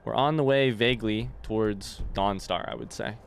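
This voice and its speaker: A man's voice: on the low side, moderate pace, creaky, slight background noise. A man giving casual gameplay commentary, swearing freely and talking back to the characters on screen. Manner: animated, swears often, talks to game characters. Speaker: let's play gamer.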